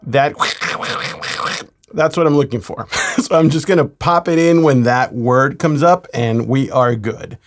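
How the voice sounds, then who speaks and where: A man working as a mix engineer, walking through a studio mixing tutorial in a relaxed, explanatory way. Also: mid-range voice, unhurried. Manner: relaxed, explanatory, chuckles now and then.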